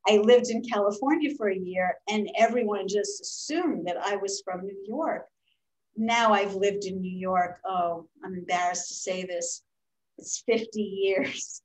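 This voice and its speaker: A woman in her seventies with an American accent, hosting a casual video chat, chatty and quick to tell a story and laugh at herself. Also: medium pitch, a little mellow, low-quality recording. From Philadelphia, United States. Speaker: host.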